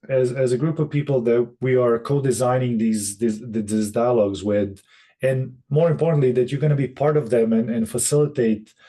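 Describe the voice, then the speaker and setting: Male facilitator on a video call; mellow voice, halting delivery full of fillers. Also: medium pitch. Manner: halting, many restarts and fillers. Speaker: session facilitator. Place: room in Boston.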